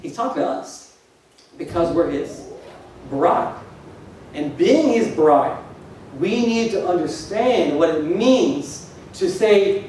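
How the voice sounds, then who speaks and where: A man's voice: sits high, lively intonation, takes it slowly, long pauses, darkish tone, a little hiss or hum. Male pastor, conversational jokey sermon, heard from a distance in a big echoey room. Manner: conversational, jokey preaching with rhetorical questions to the congregation. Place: church hall. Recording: echoey hall, distant mic.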